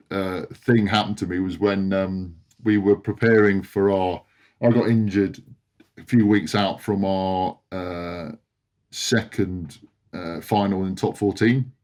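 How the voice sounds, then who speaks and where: A man in his forties from England, a retired rugby player guesting on a podcast, telling stories with lots of laughter, swearing and stumbles. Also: fairly low pitch. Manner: animated anecdote-teller, laughs often, swears, stumbles over words. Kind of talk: casual storytelling chat.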